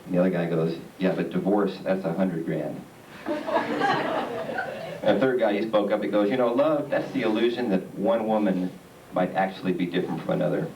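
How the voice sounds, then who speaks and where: On a theater stage, a man rambles through a stand-up comedy set in a halting delivery full of hesitant "uh"s. His voice sits low and a little mellow, captured from far off in an echoey recording with a touch of hiss or hum. Audience laughter fills the background.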